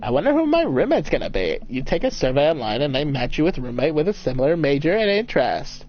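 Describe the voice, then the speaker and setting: A man voicing an eager young adult daughter heading off to college, chatty and excited. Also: a little high, quick pace, slight background noise. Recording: dull lo-fi mic, faint music.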